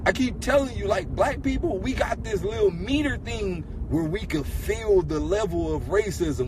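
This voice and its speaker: A man with a slightly high voice rants in a casual vlog monologue. He speaks emphatically, firing off the same rhetorical questions again and again. A faint car hum sits under his voice. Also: expressive, normal speed. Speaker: vlogger.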